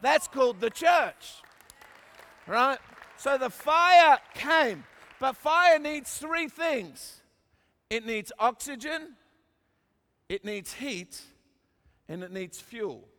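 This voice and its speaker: Aussie guy preaching, really high voice, swings quiet to shouting, big echoey hall. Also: expressive, extremely slow, pauses often, a faint crowd. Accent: Australian. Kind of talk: sermon. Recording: long hall reverb.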